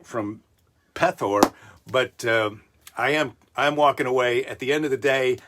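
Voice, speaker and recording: A man's voice: medium pitch, measured pace, noisy background. A man reading a Bible story aloud and breaking off into wry, joking asides as a comedy podcast host. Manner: wry, joking asides between read passages.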